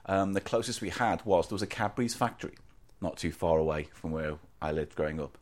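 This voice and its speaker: Deadpan man telling a story. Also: low voice, fairly quick. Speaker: podcast co-host. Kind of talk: casual chat.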